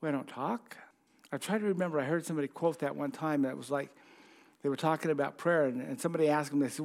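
An older man preaching a sermon in a conversational, folksy way, with slow, dramatic scripture readings. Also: fairly high pitch, gravelly, a little mellow.

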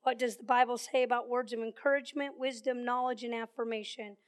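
Woman preacher, high voice, storytelling sermon with emphatic repetition. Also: fairly even intonation, a little fast.

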